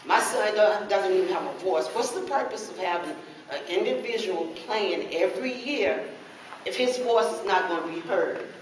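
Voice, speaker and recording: A woman's voice: mid-range voice, expressive, moderate pace. A middle-aged woman speaking passionately as a parent caregiver at a public forum, pleading and repeating herself. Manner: impassioned, pleading, repetitive. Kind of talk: emotional public comment. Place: public meeting hall. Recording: echoey hall from far off, noisy.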